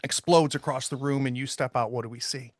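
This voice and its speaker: A man's voice: medium pitch, steady tone, fairly quick, no room sound, studio quality. Man narrating as game master. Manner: descriptive scene-setting narration.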